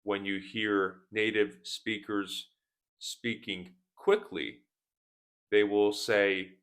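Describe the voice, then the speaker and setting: A male English teacher talks to the camera from his desk at an unhurried crawl, each word set apart. His voice sits on the low side. He keeps stopping to repeat single words so learners can catch the pronunciation. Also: level tone, fairly bright tone. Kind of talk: slow, deliberate teaching talk. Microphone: speaking to camera at a desk.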